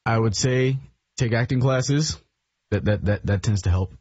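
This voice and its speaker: A man, a stage actor, describing his work in a radio interview in an earnest, measured way. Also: mid-range voice, darkish tone, dry recording. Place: radio studio. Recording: dull lo-fi radio broadcast audio.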